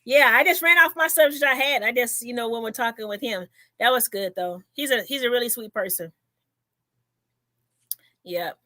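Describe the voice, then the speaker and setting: A woman's voice: fairly high pitch, moderate pace, dry recording, studio quality. A woman comedian hosting a casual livestream chat, straight-talking. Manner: straight-talking, loud bursts of laughter.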